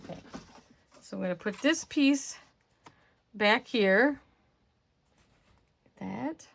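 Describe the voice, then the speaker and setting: Gravelly-voiced woman teaching a paper craft. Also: a little high, animated, slow, fairly bright tone. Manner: talks while working with hands, trailing off, murmuring to herself. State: slightly losing her voice. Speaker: craft tutorial host. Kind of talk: casual step-by-step craft instruction.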